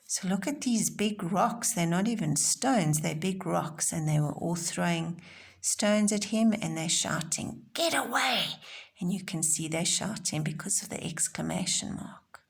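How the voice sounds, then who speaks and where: A woman teacher giving a recorded home-learning lesson to young children, explaining gently and simply. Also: fairly low pitch, a little slow, gravelly, breathy edge. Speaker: primary school teacher.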